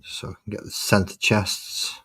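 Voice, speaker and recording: In an unhurried, sharp-toned voice, a man paints miniatures on stream. He keeps up casual chatter and mutters sarcastic little comments to himself along the way.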